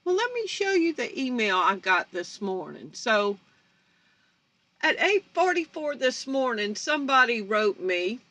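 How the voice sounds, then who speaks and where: A woman's voice: on the high side, sing-song, measured pace, pushed and bright, no room sound. A woman, hosting her own channel in a blunt, confrontational vlog rant. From North Baton Rouge, Louisiana. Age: 50s. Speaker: channel host. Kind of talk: fiery vlog rant to viewers.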